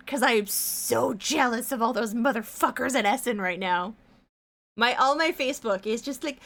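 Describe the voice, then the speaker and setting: A woman's voice: on the high side, lively intonation, unhurried, a bit bright. A woman live-streaming her art, chatting casually and rambling, with some casual swearing and humming to herself as she draws. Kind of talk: casual chat while drawing on stream.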